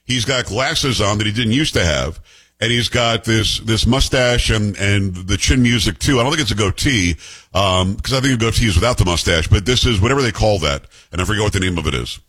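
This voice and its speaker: A man's voice: fairly low pitch, lively intonation, brisk, a bit bright, husky. A middle-aged man with a New York Italian-American accent, giving blunt, sarcastic political commentary as host. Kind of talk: opinionated commentary.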